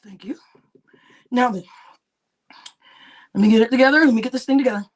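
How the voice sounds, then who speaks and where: A woman hosting a livestream, ranting angrily, swearing heavily and breaking into shouts. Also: fairly high pitch, brisk. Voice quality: heavy cursing, shouting bursts. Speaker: livestream host. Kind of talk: angry livestream rant.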